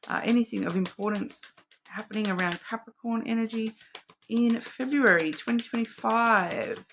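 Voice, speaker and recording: A woman's voice: fairly high pitch, moderate pace, a bit bright, a little hiss or hum. An Australian woman giving a casual, intuitive card reading, rambling with many fillers and restarts. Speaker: card reader.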